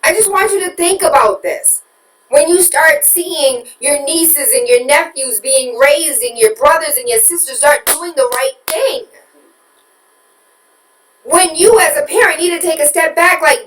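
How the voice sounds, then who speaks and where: A woman's voice: high-pitched, moderate pace, fairly bright tone, echoey room, far from the mic, poor audio. A woman hosting a talk radio show, preaching at listeners with rhetorical questions and candid confessions about her own parenting.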